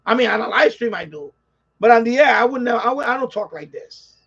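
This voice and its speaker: New York streamer guy, high gravelly voice, profane rambling rant, dull lo-fi sound. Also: animated, brisk, fairly bright tone. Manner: ranting, profane, rambling with repeats. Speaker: live stream host. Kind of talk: casual live-stream chat. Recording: slightly dull lo-fi audio.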